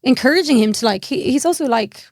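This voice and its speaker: Irish comedian in her thirties, gravelly, bounces into quoted voices; dry podcast mic. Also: sits high, fast, no echo. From Ireland. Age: 30s. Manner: animated storytelling with acted-out quotes. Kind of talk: casual chat.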